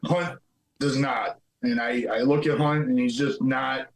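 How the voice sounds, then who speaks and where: Blunt, halting fighter. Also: male voice, mid-range voice, steady tone, poor audio. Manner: blunt, halting, repeats words while thinking. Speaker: guest fighter. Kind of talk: casual interview chat.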